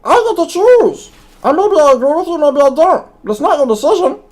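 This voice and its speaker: Brief: man putting on a squeaky, sing-song clueless dude, whiny and defensive, comedy gaming banter. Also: sing-song, a little fast, darkish tone, poor audio. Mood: indignant. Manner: argumentative, defensive.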